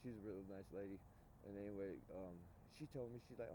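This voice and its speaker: A man's voice: fairly low pitch, fairly quick, noisy background. A man telling a rambling story for his vlog outdoors, swearing oaths and restarting his sentences over and over. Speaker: vlogger. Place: outdoors in snow.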